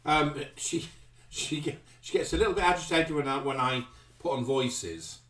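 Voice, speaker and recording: A man's voice: fairly high pitch, moderate pace, fairly bright tone, recorded from a distance. A man co-hosting a casual live chat show, making easygoing joking asides. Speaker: co-host. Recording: echoey room, away from the mic.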